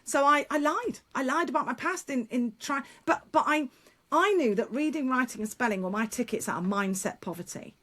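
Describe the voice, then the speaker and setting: A middle-aged woman with a fairly high voice talks as an interview guest, a speaker and one-time teacher. She tells her stories frankly and bluntly, breaking into laughter, restarting her sentences and letting a mild swear word slip in. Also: expressive, a little fast, fairly bright tone. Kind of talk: casual interview storytelling.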